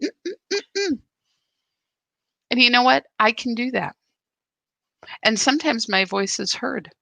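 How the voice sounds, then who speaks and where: A woman's voice: fairly high pitch, normal speed, creaky, bright, forceful tone, dry recording. A woman hosting a daily spiritual practice, speaking earnestly and emphatically, often restarting her sentences as she reflects.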